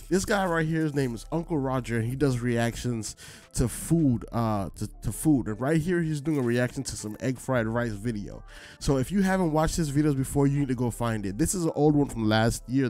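A man's voice: medium pitch, darkish tone. A man hosting a reaction video, chatting casually in slang and saying "bro" often. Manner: laid-back slangy, says bro a lot. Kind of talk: casual chat.

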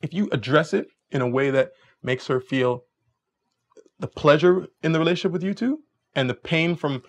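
A dating coach with a fairly high, creaky voice speaks at normal speed while giving casual dating tips. He tells stories with animation, taking on both roles in the conversations.

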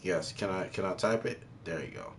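A young man hosting a casual gaming vlog, excitable and slangy, quick to exclaim. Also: low-pitched, slight background noise. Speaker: gaming channel host.

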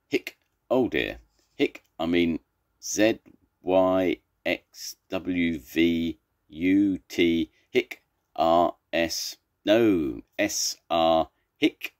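A man's voice: lowish voice, huge pitch swings, slow, vocal fry, breathy edge, pitched above the performer's own voice, heavily acted. An older man voicing a proud, fretful young male zebra who keeps hiccuping mid-sentence, in a children's storybook reading. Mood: flustered.

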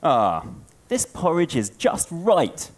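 A man putting on little Goldilocks, fussy and high. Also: huge pitch swings, takes it slowly, exaggerated voice. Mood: picky.

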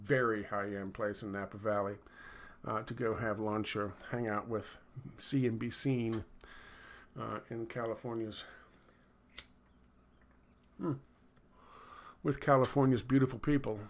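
A man's voice: on the low side, steady tone, unhurried, pauses often, a little hiss or hum. A middle-aged man ranting in a casual commentary, sarcastic and profane, rambling with lots of fillers. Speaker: video commentator.

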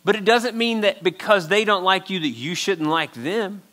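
Male pastor, high bright tenor, conversational preaching with emphatic acted-out asides. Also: normal speed. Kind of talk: sermon.

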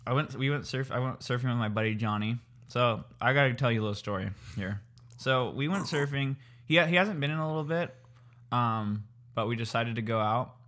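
A man's voice: medium pitch, fairly quick, fairly bright tone. A man in his twenties co-hosting a casual podcast chat, talking with a slight lisp from new braces in a laid-back, slangy way. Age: 20s. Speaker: podcast co-host.

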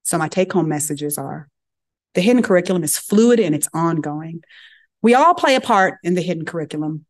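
A woman's voice: fairly low pitch, expressive, a little fast. A woman giving a lecture, telling a story and acting out the dialogue in character voices. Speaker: guest speaker at medical grand rounds.

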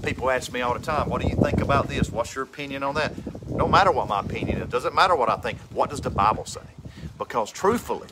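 A man's voice: mid-range voice, lively intonation, brisk, bright, forceful tone, low-quality recording. A man preaching with fervor, repeating phrases and building to emphatic peaks. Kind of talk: impassioned outdoor sermon.

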